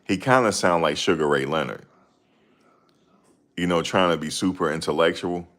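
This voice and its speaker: Very deep-voiced man chatting casually. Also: moderate pace, fairly bright tone. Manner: rambling, slangy, laughs a lot. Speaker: host reading chat comments. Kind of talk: casual chat.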